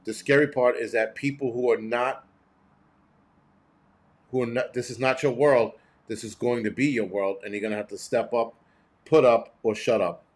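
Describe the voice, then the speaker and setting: A man's voice: medium pitch, steady tone, normal speed. A man hosting a prepping show, giving blunt, profane, rambling live-stream commentary and reading chat messages aloud.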